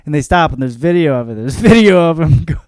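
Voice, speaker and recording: A man's voice: a little high, lively intonation, fast talker, darkish tone, no room sound. A young man hosting a podcast and ranting for laughs, profane and rambling, often breaking into mocking voices. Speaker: podcast host. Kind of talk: comedic rant.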